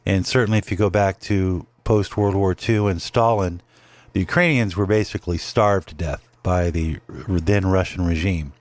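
Low-voiced man, rambling commentary. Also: moderate pace, no room sound. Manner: rambling, opinionated, many fillers and restarts. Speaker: podcast host. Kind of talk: casual political commentary monologue.

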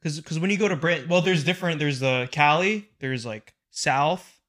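A man's voice: on the high side, normal speed, a bit bright. A man co-hosting a comedy podcast, joking around with crude quips. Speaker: podcast co-host. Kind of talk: casual comedy chat.

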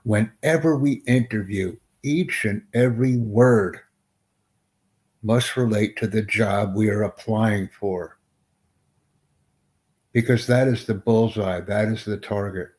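A man hosting a live-streamed English interview lesson, who speaks slowly and deliberately and sternly corrects a student. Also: lowish voice, a little mellow.

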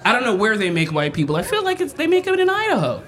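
Lively, animated woman comic on stage. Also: a little high, fast talker, crowd noise. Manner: animated, profane, mimics others mid-story. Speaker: stand-up comedian. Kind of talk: live stand-up set. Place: stage at a live festival event.

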